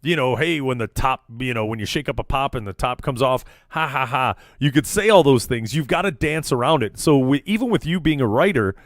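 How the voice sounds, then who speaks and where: A man's voice: medium pitch, expressive, fairly quick, hardly any pauses, no room sound. A man hosting a casual podcast chat, rambling with lots of fillers and restarts. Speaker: podcast host. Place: small studio in a vape shop.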